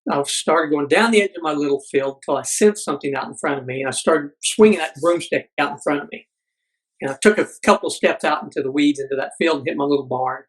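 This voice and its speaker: A man's voice: on the high side, husky, poor audio. A middle-aged man, a podcast guest, telling a personal story earnestly, with frequent restarts and acted-out quotes. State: blind military veteran.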